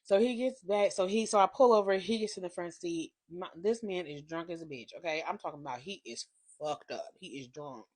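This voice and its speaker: A woman in her thirties telling a confession story on her vlog, animated and profane, swinging between hushed and loud. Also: lowish voice, a little fast. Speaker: vlogger.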